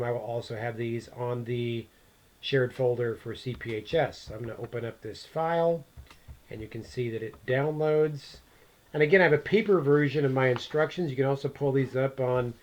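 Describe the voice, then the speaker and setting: Man, teacher, mid-pitched voice, chatty screen-recorded tutorial, thinks aloud between steps. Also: low-quality recording.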